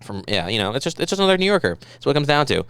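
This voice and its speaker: Fast-talking casual podcast guy. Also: mid-range voice, creaky, clean tone, no room sound. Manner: fast, profane, excitable banter. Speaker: podcast co-host. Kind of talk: casual chat.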